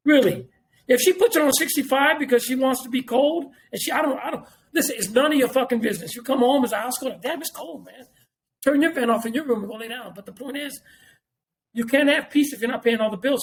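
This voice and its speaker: Middle-aged male podcast guest, very high voice, rapid-fire blunt delivery full of cursing and repetition. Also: slight background noise. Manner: blunt and profane, repeats points for emphasis. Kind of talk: casual podcast talk.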